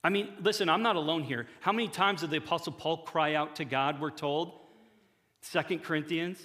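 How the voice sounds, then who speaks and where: A man's voice: a little high, pushed and bright. Man preaching in a reverberant hall. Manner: conversational preaching, acting out dialogues in quick asides. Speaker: pastor. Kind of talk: sermon.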